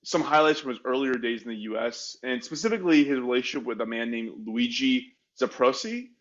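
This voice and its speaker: A man co-hosting a history podcast, explaining the story casually with plenty of "like" fillers and self-mocking asides. His voice is medium-pitched. The sound is a bit dull and muffled. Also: fairly quick. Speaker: podcast co-host.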